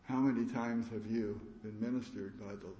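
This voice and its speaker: A man's voice: fairly low pitch, steady tone, dark tone. Earnest man preaching in an echoey room. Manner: halting, earnest storytelling with many restarts. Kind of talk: conference sermon.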